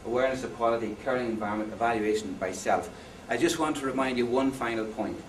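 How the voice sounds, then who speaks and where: A man's voice: mid-range voice, fast. Man lecturing in an echoey hall. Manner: anecdotal, jokey, asks the audience questions. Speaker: conference speaker. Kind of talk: lecture to an audience. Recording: echoey hall, far from mic, faint noise.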